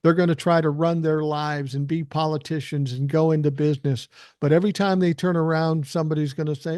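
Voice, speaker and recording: Older man, podcast host, fired-up profane rant, a bit breathless, slightly high voice, dry sound. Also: fairly even intonation, a little fast, darkish tone, dry recording. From South Minneapolis, USA. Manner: profane, heated, mocking. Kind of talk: ranting live stream commentary.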